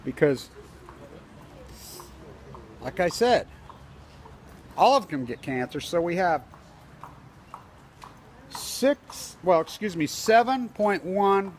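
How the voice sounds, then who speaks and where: An agitated man rants into a handheld camera outdoors at a street protest, his voice sitting a little high for a man. He rambles from point to point with a conspiratorial edge, and faint traffic hums behind him. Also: lively intonation, slow, pauses often. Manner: agitated, conspiratorial, tells stories with quoted dialogue. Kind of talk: self-filmed protest vlog, rambling commentary. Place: outdoors on a street outside an office building.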